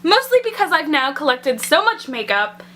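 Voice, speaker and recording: A young woman in her twenties talks through a casual makeup tag vlog at home. She is chatty and a little nervous, rambling from one thought to the next. Her voice sits high and sounds bright and sharp. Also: sing-song, moderate pace, slight background noise. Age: 20s. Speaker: book and makeup vlogger. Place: indoors at home, away from her usual bathroom mirror.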